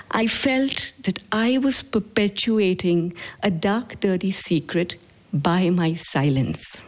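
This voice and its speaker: A woman in her forties with an Indian accent, speaking slowly and gravely as she tells a personal story to an audience. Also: medium pitch, expressive. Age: 40s. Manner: measured, halting, grave storytelling. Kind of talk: personal testimony talk.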